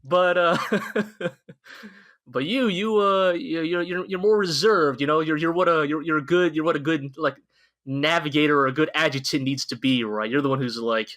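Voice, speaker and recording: A man co-hosting a podcast, chatting about an anime in an excitable, rambling way, with frequent restarts and swearing. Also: fairly high pitch, moderate pace. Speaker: podcast co-host. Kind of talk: casual anime review chat.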